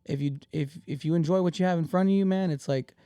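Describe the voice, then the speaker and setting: A man's voice: fairly high pitch, quick pace, warm tone, clean tone, no room sound. A man talking in a casual podcast chat as the guest comedian, earnest and rambling, calling people "bro" and "man".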